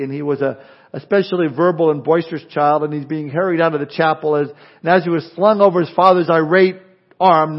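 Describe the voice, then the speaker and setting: A man's voice: a little high, vocal fry. A male pastor preaching a sermon in an earnest way, full of rhetorical questions and folksy humor, on a dull lo-fi recording.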